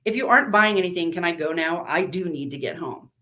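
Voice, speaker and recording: A woman reading a live story, voicing a judgmental woman in a checkout line with brisk, condescending talk. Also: lowish voice, bright, forceful tone.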